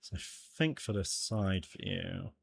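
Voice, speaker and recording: A man's voice: low-pitched, expressive, slow pace, vocal fry, slight background noise. A man chatting casually while working on his game live, often laughing and muttering to himself. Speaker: game developer streaming his jam entry.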